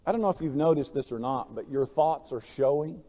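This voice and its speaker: A man preaching a sermon, telling stories and swinging between quiet, low passages and loud, emphatic lines. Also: fairly quick, in a large hall. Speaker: pastor.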